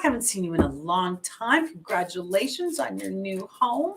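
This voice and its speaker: A woman's voice: mid-range voice, big pitch swings, moderate pace, slight background noise. A woman, an intuitive astrologer, giving a casual oracle card reading and chatting expressively straight to her viewers.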